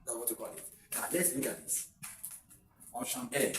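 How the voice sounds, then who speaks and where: A man's voice: medium pitch, big pitch swings, moderate pace, distant mic, faint music behind. A man teaching an exam-prep English lesson, saying words over with shifted stress and giving example sentences. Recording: echoey room, voice away from the mic.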